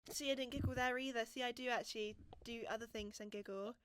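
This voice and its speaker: A woman co-hosts a casual podcast, telling stories with a sarcastic edge and laughing often. Her voice is fairly high and very bright. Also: steady tone, quick pace, clear, resonant tone. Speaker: podcast co-host. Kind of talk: casual chat, storytelling.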